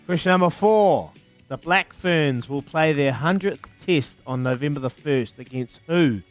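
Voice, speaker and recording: A man with a New Zealand accent runs a radio quiz from the studio, matey and teasing with callers. His voice sits a touch high for a man, with faint music underneath. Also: measured pace. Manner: matey and teasing, counts down aloud.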